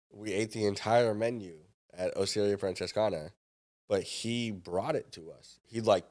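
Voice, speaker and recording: Low-voiced man telling a story animatedly. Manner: animated storyteller acting out dialogue. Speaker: podcast guest. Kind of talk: casual storytelling.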